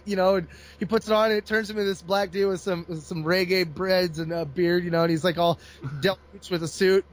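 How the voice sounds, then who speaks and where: Talking quickly in a high-pitched voice, this man recounts a comic's storyline during a relaxed conversation, full of laughter and playful character voices as he animatedly tells it.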